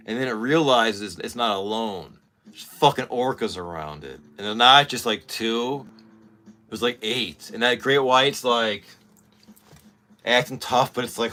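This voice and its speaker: A man in his forties hosting a casual vlog. He talks in an excitable, rambling way and swears often. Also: medium pitch, measured pace. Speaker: channel host.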